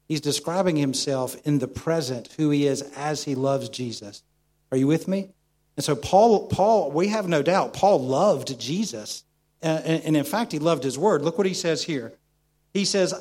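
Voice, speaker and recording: A middle-aged male pastor preaching a sermon in a conversational, animated way, full of asides and rhetorical questions. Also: fairly high pitch.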